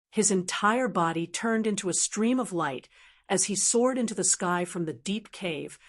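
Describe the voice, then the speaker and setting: A woman narrating a fantasy audiobook in a steady, even storytelling manner. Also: mid-range voice. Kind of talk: scripted narration.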